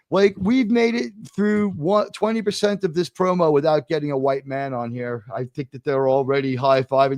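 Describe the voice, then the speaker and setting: High-voiced man ranting sarcastically. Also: moderate pace, no echo. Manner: animated, sarcastic ranting with swearing. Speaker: show host. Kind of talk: livestream watch-party commentary.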